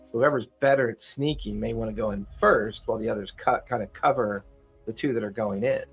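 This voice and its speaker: Husky-voiced male game master. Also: on the low side, soft background music. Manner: relaxed, halting narration with repeats. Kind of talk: narrating a tabletop game.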